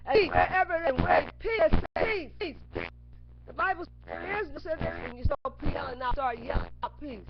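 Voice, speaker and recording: A woman preaching an impassioned monologue on a webcam. She repeats single words over and over and breaks into sudden shouts. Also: high voice. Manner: repetitive, chanting words over and over; bursts into shouts. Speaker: webcam speaker. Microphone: webcam mic. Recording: dull lo-fi webcam audio with clear noise.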